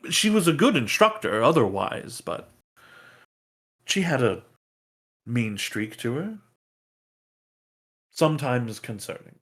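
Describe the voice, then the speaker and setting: A man's voice: mid-range voice, big pitch swings, slow, pauses often, a bit bright, husky, exaggerated voice. A man voicing a former mage's apprentice who hedges constantly and keeps saying "I mean". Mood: evasive. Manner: hesitant, full of "I mean". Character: man, former student of a mage, evasive and rambling.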